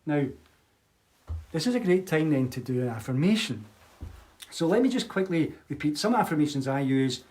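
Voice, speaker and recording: A man leading a guided meditation, speaking affirmations in a slow, soothing, repetitive way. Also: fairly high pitch, sing-song, a little mellow. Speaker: meditation teacher. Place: home, live online session. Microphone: webcam or computer mic.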